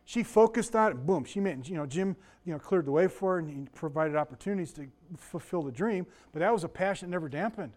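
A man's voice: on the high side, animated, quick pace, few pauses, darkish tone. Rambling older man preaching casually. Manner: rambling, digressive, many restarts and asides. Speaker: pastor. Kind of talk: informal sermon.

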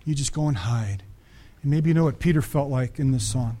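A man's voice: mid-range voice, fairly quick, dark tone. A man preaching a conversational sermon, asking his listeners questions and acting out the voices in the story. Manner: conversational, acts out the Bible voices, asks the audience questions. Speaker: pastor.

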